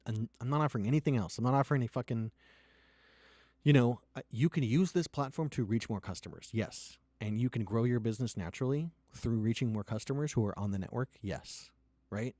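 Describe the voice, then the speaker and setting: Fired-up guy cursing a lot, loud then suddenly quiet, dry close sound. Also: no echo. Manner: swears heavily, swings from loud outbursts to low quiet tones. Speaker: startup founder. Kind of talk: impassioned profane rant and pitch.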